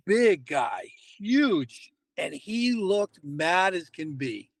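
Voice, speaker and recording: Lively storytelling man, dry close sound. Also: on the high side, dry recording. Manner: lively, acts out both sides of conversations. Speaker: podcast co-host and realtor. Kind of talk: casual storytelling.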